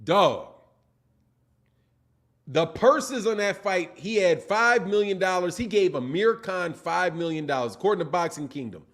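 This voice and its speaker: High-voiced man arguing on a live stream. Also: unhurried. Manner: animated, argumentative, asks repeated rhetorical questions. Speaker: boxing channel host. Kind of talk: live-stream commentary, reading viewer chats.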